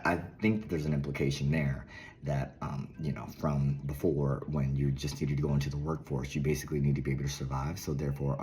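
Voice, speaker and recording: Very deep-voiced man with a Southern twang. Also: dark tone. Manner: rambling, self-interrupting, drops into asides and mutters. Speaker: channel host. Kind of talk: casual commentary on reading articles. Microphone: talking to his own camera.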